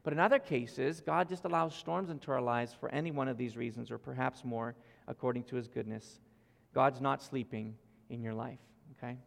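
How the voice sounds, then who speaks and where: A man preaching a sermon as pastor, earnest and speaking straight to his congregation, swinging between loud emphasis and soft asides. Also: mid-range voice, fairly quick, gravelly. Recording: long hall reverb.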